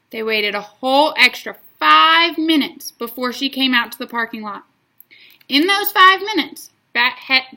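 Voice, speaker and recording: A woman reading a children's chapter book aloud, drawing out the words in an expressive storytelling way. Her voice is bright and fairly high, with a gravelly fry at the ends of lines. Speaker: reader.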